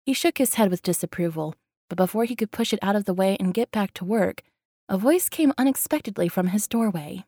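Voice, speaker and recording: A woman reading a romance novel aloud in a steady, even narration. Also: medium pitch, a little fast, no room sound, studio quality. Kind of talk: audiobook narration.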